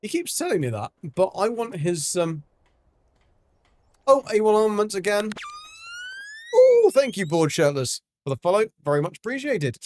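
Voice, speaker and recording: A man's voice: high voice, big pitch swings, normal speed, darkish tone, slight background noise. A man from Devon, chatting casually on a game livestream, rambling with lots of ums. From England, Devon. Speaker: game streamer. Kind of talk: casual livestream chat while gaming.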